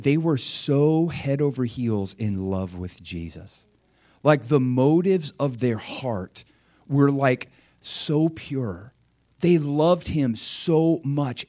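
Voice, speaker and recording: A man's voice: mid-range voice, animated, slow pace. Fervent male preacher with dynamic swings. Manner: fervent, swings between hushed asides and loud surges; restarts and stumbles over words. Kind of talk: sermon, recounting a vision.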